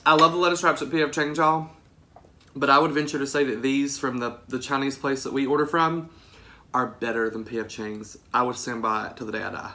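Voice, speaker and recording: A young man with a Southern American accent hosting a solo mukbang vlog, chatty and excited, saying "y'all" again and again. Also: mid-range voice, a little fast. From Southern United States. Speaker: podcast host.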